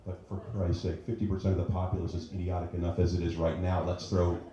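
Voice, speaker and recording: A man's voice: low voice, little pitch movement, fast, mellow, highs cut off. A middle-aged man doing a brash, crude stand-up comedy set on a comedy club stage, with a handheld mic. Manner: brash, crude, with mock-fussy character voices. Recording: very echoey club room.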